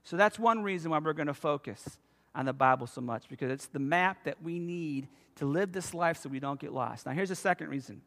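A man in his fifties preaching a sermon as a pastor, telling stories with animated emphasis. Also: a little high, a little fast. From United States. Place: church sanctuary. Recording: long reverb of a church hall.

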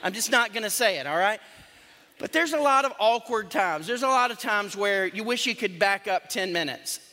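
Bright-voiced pastor preaching. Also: male voice, high voice, expressive, moderate pace. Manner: conversational, joking, emphatic preaching. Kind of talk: sermon. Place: church sanctuary. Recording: long church hall reverb.

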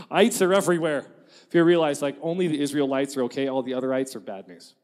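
A man preaching a sermon in an animated, joking way, acting out quotes and laughing at his own jokes. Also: mid-range voice, brisk. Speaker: pastor. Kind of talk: lively sermon. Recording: long reverb of a large hall.

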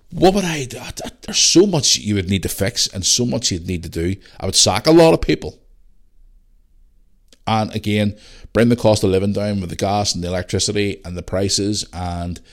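Middle-aged Northern Irish man, solo podcast host, low voice, blunt sweary rambling, a bit worn out. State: tired, yawning. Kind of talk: casual solo podcast chat.

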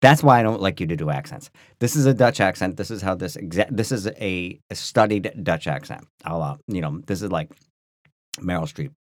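A man co-hosting a podcast, telling a story in a rambling, animated way full of restarts and fillers. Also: low voice, brisk, few pauses, dry recording, clean studio sound. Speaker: podcast co-host. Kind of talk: casual storytelling chat.

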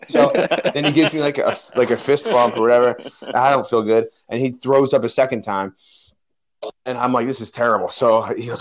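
Man, personal trainer, animated storyteller, mid pitch, acts out quoted voices. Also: brisk, highs cut off. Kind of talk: casual storytelling chat.

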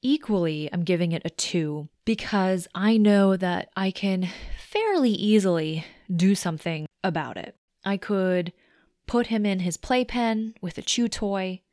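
A woman's voice: mid-range voice, lively intonation, unhurried, darkish tone, no echo, clean studio sound. A woman hosting a solo self-help podcast. She talks in a conversational, reflective way and explains things step by step. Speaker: podcast host.

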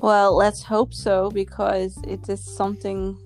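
A woman's voice: medium pitch, monotone, unhurried, darkish tone, faint music behind. A woman chatting casually and enthusiastically about a TV series, using many fillers.

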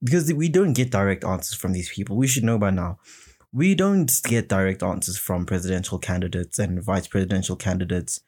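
A man with a lowish voice rants alone into his podcast mic. He rambles and swears, and his anger builds as he talks. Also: brisk, darkish tone, breathy edge. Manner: rambling, heated, swearing, mimics others in mocking voices. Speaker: podcast host. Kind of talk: solo casual rant.

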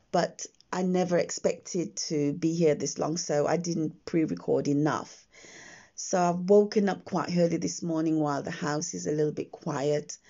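Woman podcast host, croaky morning voice, low and mellow, dull phone recording. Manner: slow, gentle, with frequent pauses. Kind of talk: slow reflective podcast monologue. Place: quiet house. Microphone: own phone.

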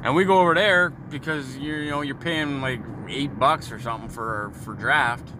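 A man's voice: mid-range voice, moderate pace. A Canadian man in his thirties from Ontario, ranting and joking crudely, with lots of swearing. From Sault Ste. Marie, Ontario, Canada. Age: 30s. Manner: crude, mocking, joking with profanity. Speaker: vlogger. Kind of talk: profane ranting monologue. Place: in a moving car. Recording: road noise from a car.

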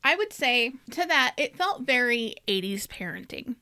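A woman's voice: a little high, very animated, normal speed, pushed and bright, clear, resonant tone, dry recording, clean studio sound. A woman co-hosting a podcast, talking through a novel in a reflective, earnest way. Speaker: podcast co-host. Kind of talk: casual book discussion.

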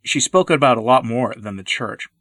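A man hosting a podcast, reading scripted commentary in an earnest, measured, lecturing way. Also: mid-range voice, lively intonation, a bit bright, no echo. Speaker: podcast host. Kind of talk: scripted commentary read aloud.

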